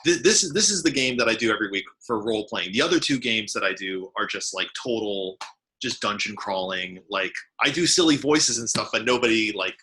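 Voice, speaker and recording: Male tabletop player, bright and forceful tone, earnest, keen to reassure the table. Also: on the low side, animated, a little fast, poor audio. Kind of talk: out-of-game group discussion.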